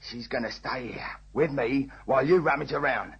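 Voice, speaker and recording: An actor playing a menacing armed robber with a Cockney accent, in a vintage radio drama. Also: male voice, mid-range voice, normal speed, creaky, fairly bright tone, slight background noise. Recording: dull lo-fi old radio recording.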